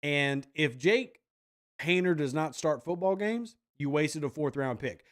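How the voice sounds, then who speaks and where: A man's voice: fairly high pitch, expressive, unhurried, a bit bright. A man hosting a podcast, joking and sarcastic as he reacts to viewer comments. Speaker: podcast host.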